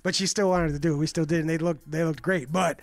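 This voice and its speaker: A man's voice: fairly high pitch, fairly even intonation, fast talker, dry recording. A man in his forties telling a rambling story on a casual podcast, full of fillers and swearing. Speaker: co-host.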